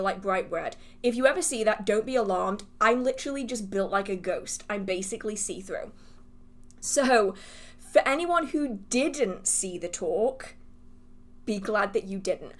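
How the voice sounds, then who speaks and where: A woman hosting a livestream Q&A, chatting casually with viewers, laughing often and restarting her sentences as she rambles in a self-deprecating way. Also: mid-range voice. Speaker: livestream host answering viewer questions.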